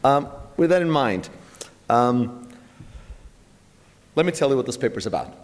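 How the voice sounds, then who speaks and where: A man's voice: mid-range voice, animated, measured pace. A middle-aged man from Portugal giving an academic keynote lecture, wry and full of rhetorical questions. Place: lecture hall. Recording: long hall reverb.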